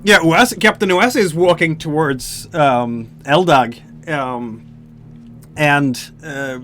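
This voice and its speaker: A man narrating a tabletop game as the game master, unhurried and using frequent fillers. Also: a little high, a bit bright, faint music behind.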